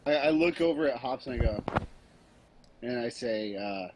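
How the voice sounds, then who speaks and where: A man's voice: medium pitch, animated, moderate pace, pauses often, a little hiss or hum, rough recording. A man playing a tabletop horror game, casually describing what his character does. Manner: casual, hesitant, narrates own actions. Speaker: player.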